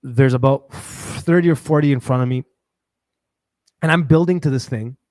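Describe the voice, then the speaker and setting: A man hosting a show, talking in a casual, rambling personal monologue with frequent restarts and animated bursts. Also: mid-range voice, normal speed, no room sound, studio quality. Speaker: show host.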